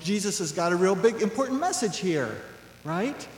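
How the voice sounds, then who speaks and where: A male pastor preaching a sermon in a relaxed, conversational way, full of asides. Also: high-pitched, moderate pace. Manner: conversational, animated, acts out quoted voices with laughs. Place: church sanctuary. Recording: echoey church hall.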